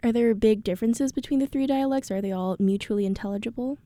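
A woman radio host interviewing a guest with polite, measured questions. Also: on the high side, dark tone, no room sound.

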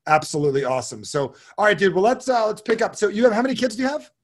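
A slightly high-voiced male podcast host talks quickly and eagerly, stumbling into restarts as he chats casually with his guest. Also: big pitch swings. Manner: enthusiastic, quick reactions and restarts. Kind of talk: casual conversational interview.

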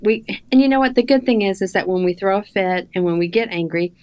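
A woman's voice: medium pitch, fast talker, darkish tone, smooth, no echo. A woman co-host on a faith podcast, encouraging and increasingly emphatic. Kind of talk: casual faith podcast chat.

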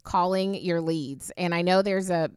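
A woman with a fairly low voice chats on a business talk show, laughing easily and backing up her partner. She sits close to a dry studio mic. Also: measured pace, smooth, dry recording. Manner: chatty, laughs often, supportive replies. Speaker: co-host. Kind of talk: casual talk show banter.

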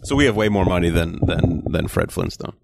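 A man's voice: deep voice, fairly quick, vocal fry, no room sound. A man in his forties hosting a podcast, chatting casually with a rambling, hesitant, teasing manner. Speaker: podcast host. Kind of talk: casual chat.

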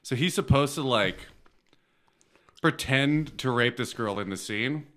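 A man's voice: medium pitch, a little slow, fairly bright tone. A man chatting casually as a podcast guest, with loose, crude, chuckling banter.

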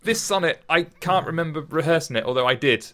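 A young man hosting a podcast, reading a sonnet slowly aloud and then chatting and joking animatedly about it. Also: a little high, lively intonation, bright, forceful tone. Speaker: podcast host. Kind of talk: casual chat and poetry reading.

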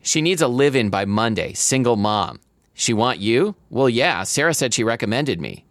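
A man's voice: mid-range voice, expressive, normal speed, a bit bright, no room sound, studio quality, close to an everyday voice. A man reading aloud as a distracted young male nanny, with a casual, slightly dazed delivery.

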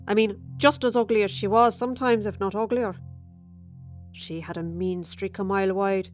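A woman's voice: mid-range voice, a bit bright, close to an everyday voice. A woman performing a dramatic monologue as a chatty, tipsy Irish widow who confides over dinner, with sudden flashes of resentment. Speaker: storyteller.

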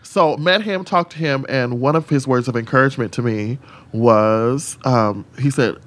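A man who is a drag queen, talking frankly and sassily on a podcast and telling animated stories. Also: normal speed. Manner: animated storyteller, swings into high mimicking voices and whispers; sassy, frank, swears freely. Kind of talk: casual podcast chat.

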